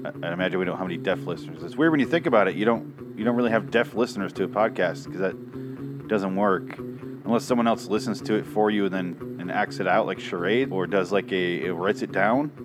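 Late at night and worn out, a podcast host rambles through a profane, exasperated rant about an episode. His voice is low and slightly fast, with music playing underneath.

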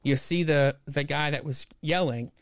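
A man's voice: fairly high pitch, normal speed, clear, resonant tone, no echo, clean studio sound. A man chatting casually about a comic book on a podcast, rambling and profane, full of fillers. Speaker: podcast co-host.

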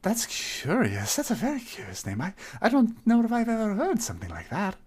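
Man voicing a shy satyr woman, stammering, very high, breathless. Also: huge pitch swings, a little fast, slightly rough, exaggerated voice. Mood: nervous eager. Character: shy awestruck female satyr traveler.

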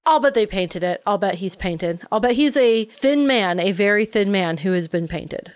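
A woman's voice: mid-range voice, expressive, moderate pace, smooth. A woman on a casual movie podcast, chatting and adding plot details. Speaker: podcast co-host.

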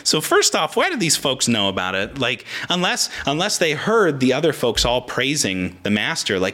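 A man in his thirties preaching a sermon, animated and chatty, often acting out the voices of people in the story. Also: mid-range voice, moderate pace, hardly any pauses. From Oregon, United States. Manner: animated, acts out voices in quotes. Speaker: pastor.

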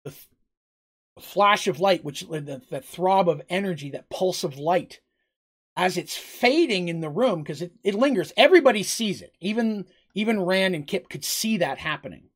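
Brief: tabletop game master, mid-pitch voice, vivid play-by-play of a fight, restarts phrases as he goes. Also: expressive, moderate pace, slightly rough. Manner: vivid, blow-by-blow combat storytelling with frequent restarts. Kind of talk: improvised narration of a tabletop game.

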